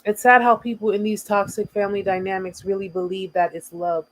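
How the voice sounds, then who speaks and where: A woman's voice: mid-range voice, little pitch movement, fairly quick, rough recording. A woman with an American accent hosting a casual livestream, speaking earnestly and repeating her points for emphasis. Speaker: host of a survivor support livestream.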